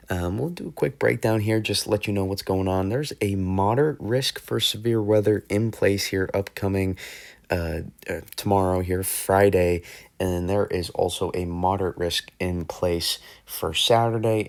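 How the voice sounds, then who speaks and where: Deep, gravelly man breaking down the weather. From eastern United States. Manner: rambling, self-correcting, jokes at his own slips. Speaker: weather channel host. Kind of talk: casual weather forecast breakdown.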